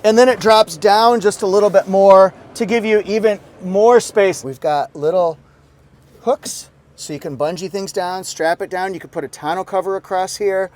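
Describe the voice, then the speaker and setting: A man's voice: sits high, normal speed, a little mellow. A man reviewing a car from inside it in a casual, upbeat walkthrough with joking asides.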